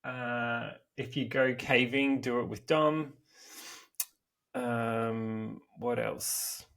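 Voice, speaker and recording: A man co-hosting a podcast, speaking slowly and wryly. His voice sits at a middle pitch, and he fills pauses with chuckles and fillers. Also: fairly even intonation, gravelly, a bit bright. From Australia. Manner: unhurried and wry, with chuckles and fillers. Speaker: podcast co-host. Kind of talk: casual podcast chat.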